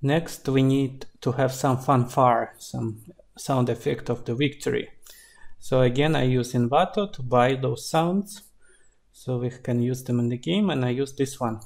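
A man with a voice of average pitch walks through his game project in a tutorial voice-over. He explains each step in a relaxed, steady way. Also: a little slow, creaky. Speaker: indie game developer. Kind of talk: screen-recorded tutorial narration.

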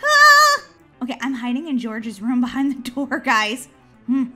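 A woman hosting a gaming channel, chatting excitedly through a video game and squealing when she is chased. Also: fairly high pitch, normal speed, over loud music. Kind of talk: playing a video game with commentary.

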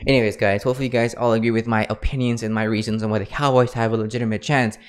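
Dude ranting about his team to camera, kinda out of breath, smooth clear voice, keeps saying guys. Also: medium pitch, fairly even intonation, very fast. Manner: emphatic, fired-up, says "guys" and "okay?" a lot. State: a bit out of breath. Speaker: sports fan vlogger. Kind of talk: casual fan commentary to camera.

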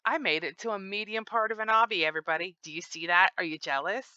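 A woman's voice: mid-range voice, fast, sharp tone, smooth, no echo, lo-fi sound. A woman hosting a gaming channel, giving chatty let's-play commentary to viewers, exclaiming and joking with playful boasts.

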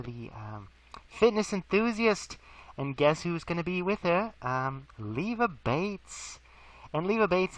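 A man's voice: fairly high pitch, bright, forceful tone, no echo, low-quality recording. A man talking casually to camera about wrestling shows he saw, rambling with lots of fillers and acting out the crowd's chants. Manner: chatty, many fillers, acts out crowd chants. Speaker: vlogger reviewing wrestling shows.

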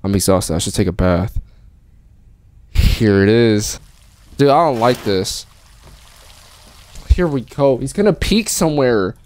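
A man giving live gameplay commentary on a horror game in casual slang. He is jumpy and excitable, and yelps when something startles him. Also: mid-range voice, measured pace, pauses often, no echo. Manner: casual slang, calls the game bro and dog. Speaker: streamer playing a horror game. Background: game music.

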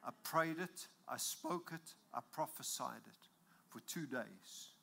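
A man preaching a sermon in a church, emphatic and building to loud exclamations. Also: mid-range voice, lively intonation, slow, vocal fry.

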